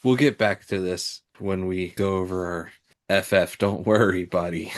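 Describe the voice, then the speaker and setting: A man's voice: sits low, fairly even intonation, unhurried. A man co-hosting a podcast, laid-back and joking in casual chat. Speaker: podcast co-host.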